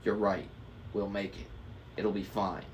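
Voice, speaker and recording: A man voicing a level-headed teenage girl who speaks softly and earnestly. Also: on the low side, level tone, unhurried, a little hiss or hum, lightly acted.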